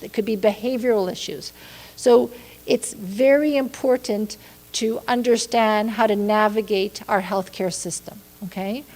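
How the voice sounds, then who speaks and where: A woman's voice: mid-range voice, a little mellow. A woman giving a public lecture in a library hall, earnest and direct, checking in with her listeners often. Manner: earnest, repeats "okay?" and "right?" to check in with listeners. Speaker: speaker on caregiving.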